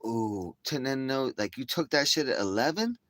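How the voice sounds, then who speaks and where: A middle-aged man chatting casually on a livestream, rambling through profane stories. He jumps into quoted voices of himself and others as he talks, at an average pitch for a man. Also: expressive, normal speed, a bit bright, dry recording. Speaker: livestream host.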